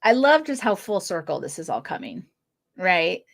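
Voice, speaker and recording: A woman hosting a fan podcast, casually reviewing episodes with a chatty, giggly manner and quick quoted asides. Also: on the low side, big pitch swings, vocal fry. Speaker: podcast host.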